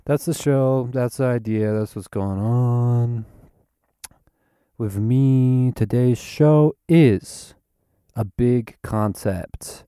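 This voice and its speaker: A man's voice: mid-range voice, extremely slow, warm tone, clean tone, no room sound, clean studio sound. A man hosting a rambling solo podcast while tipsy, playful and self-mocking, drifting into sing-song. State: tipsy from drinking. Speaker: podcast host. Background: faint looped guitar.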